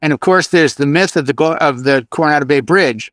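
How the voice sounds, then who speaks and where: A chatty man with a slightly higher voice swaps stories in a convention hallway. He talks casually and drops into quick mock announcements. The sound is dry and close, with no room echo. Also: a bit bright. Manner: storytelling, chatty, acts out his announcements. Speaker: DJ show host. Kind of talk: casual chat.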